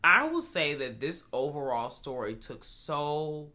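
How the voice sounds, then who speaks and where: Low-voiced woman chatting about a show, bright and forceful, laughs a lot. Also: unhurried. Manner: animated, laughs a lot, slangy. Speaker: podcast co-host. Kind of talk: casual chat reviewing a series.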